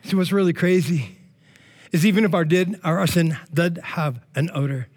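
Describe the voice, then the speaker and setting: A male pastor giving a sermon in a lively, joking, conversational way. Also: a little high, normal speed, husky.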